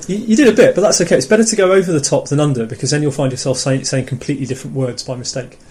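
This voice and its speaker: A man teaching a relaxed pronunciation lesson, patiently encouraging learners and slowly repeating words for them. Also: a little high, slight background noise. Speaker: language teacher.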